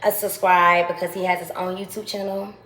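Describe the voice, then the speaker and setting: A woman's voice: fairly low pitch, flat delivery, a little fast, a crowd in the background. A woman vlogger giving a casual, profane motivational rant, hammering her points with repeated phrases. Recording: echoey room with faint ambience.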